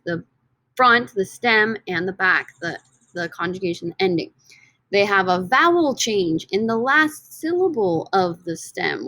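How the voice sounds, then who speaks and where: A woman's voice: medium pitch, fairly bright tone, no echo. Woman teacher voice, upbeat recorded lesson, dry close sound. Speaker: Spanish teacher.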